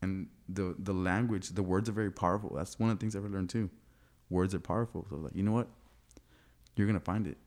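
A man's voice: sits low, steady tone, quick pace, darkish tone. A young man in casual conversation, animatedly telling a personal story, laughing often and acting out what people said.

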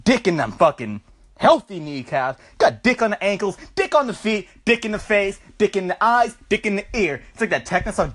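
A man's voice: high-pitched, very animated, normal speed, a bit bright. A stoned young man hosting a podcast, telling a rambling, profane comic story into his phone. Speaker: podcast host.

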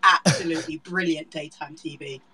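A woman with a British accent, telling a story with lively, laughing energy on a live show. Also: sits low, moderate pace, crowd noise, low-quality recording. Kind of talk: animated storytelling chat.

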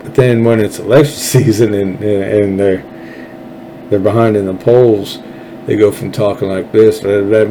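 A man's voice: fairly low pitch, fairly even intonation, moderate pace, mellow, a little hiss or hum, low-quality recording. A Texan man hosting his own show, ranting about politics in an angry, profane, sarcastic way. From Texas. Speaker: political commentary host. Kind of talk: ranting solo commentary.

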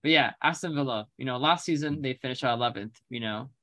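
A man's voice: mid-range voice, fast talker, pushed and bright. An American man co-hosting a sports podcast, chatting casually and rambling with jokes and fillers. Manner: rambling, joking, lots of fillers. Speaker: podcast co-host.

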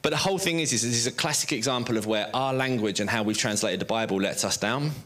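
A man preaching a sermon on a stage before an audience, lively and joking at his own expense. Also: medium pitch, quick pace. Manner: lively, joking, self-deprecating storyteller.

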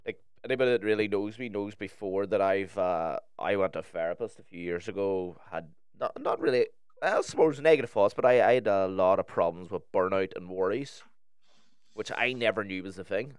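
Man, low voice, dry close sound, casual chat, candid, sweary storyteller. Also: brisk, clear, resonant tone, no room sound. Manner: candid, swears freely, tells stories with restarts.

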